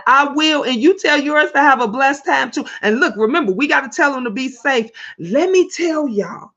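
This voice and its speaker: A woman from Illinois with a Chicago accent, hosting a casual livestream chat, animated and chatty, laughing often and reading viewers' comments aloud. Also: sits high, moderate pace, few pauses. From Illinois, USA. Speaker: livestream host. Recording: lo-fi webcam audio.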